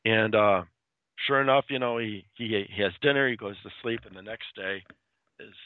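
A man's voice: on the low side, normal speed, dry recording. A man casually retelling a spooky story, chatty and full of fillers. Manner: chatty, with fillers and quoted voices. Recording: dry, tinny phone-like sound.

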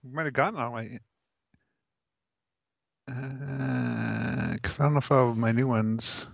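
A man co-hosting a casual podcast chat, relaxed and quick to laugh. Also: mid-range voice, vocal fry, no echo, dull audio. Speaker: podcast co-host.

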